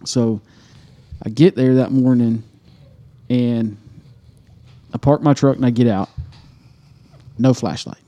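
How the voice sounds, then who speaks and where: A man's voice: medium pitch, fairly even intonation, slow, pauses often, mellow. A man on a podcast, telling a hunting story casually, swearing and acting out his own reactions. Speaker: podcast co-host.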